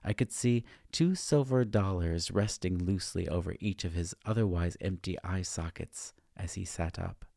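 A man narrating a first-person story in a measured, even reading. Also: low-pitched, creaky, dry recording, clean studio sound.

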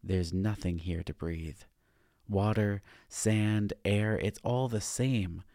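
A man's voice: fairly low pitch, steady tone, takes it slowly, warm tone, no room sound, studio quality. A man voicing a wry, otherworldly guide who walks on water, speaking in a teasing sing-song. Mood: coaxing.

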